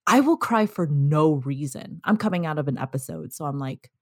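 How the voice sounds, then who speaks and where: A woman's voice: sits low, expressive, normal speed, darkish tone, no room sound. Woman, casual chat, candid, laughing, tearful, dry close sound. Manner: candid, laughs often, emotional. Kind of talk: casual conversation.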